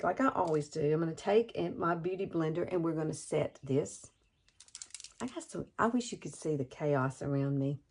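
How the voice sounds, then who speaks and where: A chatty woman in her sixties walks viewers through a makeup routine, her fairly low voice carrying a gravelly edge. She gushes over every step with easy enthusiasm, like a friend showing off a trick at home. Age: 60s. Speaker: beauty vlogger. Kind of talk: casual makeup tutorial.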